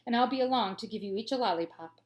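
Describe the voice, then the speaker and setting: A woman's voice: fairly high pitch, fast talker, lightly acted. A woman voicing a polite, clever boy in a children's storybook read-aloud, reasoning things out politely. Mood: directing.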